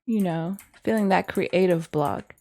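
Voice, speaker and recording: Unhurried and fairly low, her dark voice carries a casual lesson as a course instructor. She thinks aloud, wanders and hesitates, with frequent ums and self-corrections.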